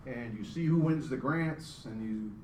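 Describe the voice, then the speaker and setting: A middle-aged man, a startup founder, giving a chatty, self-deprecating pitch presentation to a live audience and joking with the crowd. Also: measured pace, mellow. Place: event room with an audience. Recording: roomy sound from a distance, faint background hum.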